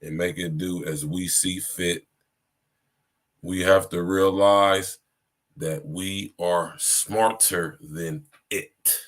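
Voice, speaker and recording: Deep-voiced man preaching on a podcast. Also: steady tone, takes it slowly, fairly bright tone. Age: 30s. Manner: preachy, repeats "you hear me" and "man". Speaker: podcast host. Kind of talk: casual live-stream monologue.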